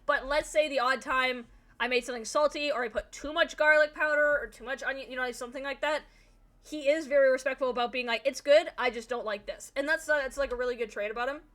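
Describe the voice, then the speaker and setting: A woman's voice: high voice, fairly even intonation, fast talker, fairly bright tone. A young woman streamer chatting casually, telling a rambling story full of fillers and swearing. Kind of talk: casual chat while streaming a game.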